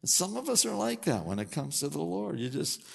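Male pastor, gravelly voice, chatty animated sermon, long hall echo. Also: fairly high pitch, brisk. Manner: animated, conversational preaching with rhetorical questions. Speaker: preacher.

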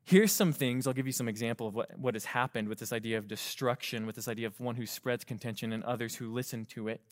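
A male pastor preaching a sermon, animated, asking the congregation rhetorical questions and acting out quoted voices. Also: medium pitch, fast talker.

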